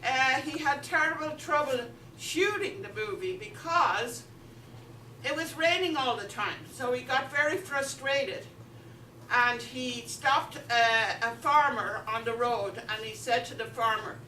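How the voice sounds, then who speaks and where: An Irish woman does stand-up comedy at a live event in a veterans home hall, trading chatty asides with the audience. Her voice is high-pitched and sharp, her pace unhurried, and a faint hiss or hum runs underneath. It was captured from far off in a roomy hall.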